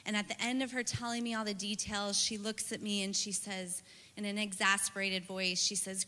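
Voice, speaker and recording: Earnest woman speaker, bright tense tone, church devotional talk, long hall echo. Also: mid-range voice, flat delivery, normal speed. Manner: earnest, personal, with frequent "right" fillers. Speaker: speaker at a church women's gathering.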